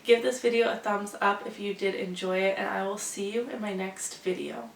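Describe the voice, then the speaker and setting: A woman's voice: medium pitch, steady tone, normal speed, creaky, slight background noise. Congested woman chatting in a roomy space. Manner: chatty, rambling, hopeful. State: congested, stuffy-nosed. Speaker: beauty vlogger. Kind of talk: casual to-camera chat. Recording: roomy echo, mic at a distance, faint ambience.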